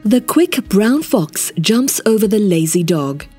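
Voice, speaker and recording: Singaporean woman voice talent reading a sample line, clear, deliberate, lively intonation. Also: medium pitch, soft background music. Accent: Singaporean English. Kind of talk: reading a test sentence.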